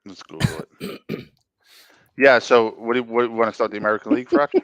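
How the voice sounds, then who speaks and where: A man's voice: medium pitch, fairly quick, a bit bright, dry recording. A man co-hosting a casual sports podcast, arguing his point and repeating it insistently. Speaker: podcast co-host.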